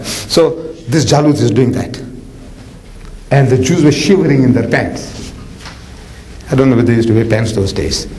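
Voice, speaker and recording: A man giving a lively storytelling lecture as an Islamic preacher, chatty with many asides. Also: mid-range voice, a little hiss or hum, low-quality recording. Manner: animated, conversational, with frequent "you know" asides and acted voices.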